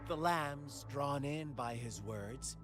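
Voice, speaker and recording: An actor playing a calm, scheming male storyteller in a game cutscene, with a measured, fable-telling delivery. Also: mid-range voice, natural voice. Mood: storytelling. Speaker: game cutscene narrator and character. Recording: game cutscene with music behind.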